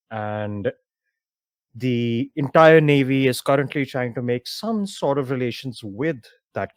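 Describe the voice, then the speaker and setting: A man running a tabletop game as game master, recapping the story in a relaxed way with fillers. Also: mid-range voice, no room sound. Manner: relaxed, loose narration with fillers.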